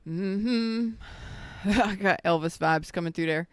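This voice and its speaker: A woman reading tarot on a live stream, emotional and choked up, talking slowly and soothingly with halting pauses. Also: medium pitch, clear, resonant tone, dry recording. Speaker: tarot reader.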